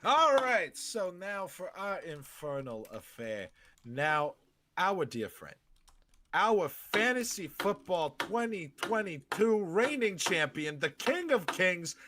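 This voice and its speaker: A man's voice: high-pitched, very animated, slow, sharp tone, a little hiss or hum. A man co-hosting a live film podcast, joking and hamming it up as he introduces the show and guests. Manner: playful, jokey showman intros. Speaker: podcast co-host.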